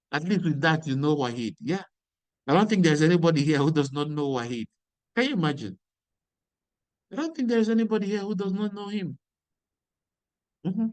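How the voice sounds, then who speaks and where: A man's voice: a little high, no room sound. A man giving a motivational lecture, emphatic and repeating key lines. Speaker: speaker.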